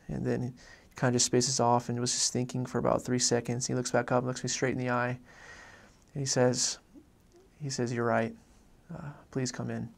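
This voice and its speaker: Gravelly, flat-voiced man telling a story. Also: mid-range voice. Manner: earnest, halting, many restarts. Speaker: former missionary. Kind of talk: personal faith testimony story.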